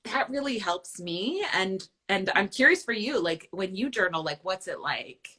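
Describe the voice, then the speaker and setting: A woman's voice: medium pitch, big pitch swings, moderate pace, pushed and bright. A woman nutritionist hosting a casual chat, candid and chatty, often checking in with "right?". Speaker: nutritionist and host.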